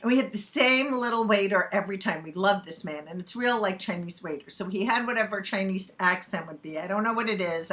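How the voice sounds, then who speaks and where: A woman's voice: medium pitch, fairly bright tone. A woman from Brooklyn chatting to camera as a vlogger, telling a funny anecdote with frequent laughs mid-sentence. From Brooklyn, New York. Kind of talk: casual storytelling to camera.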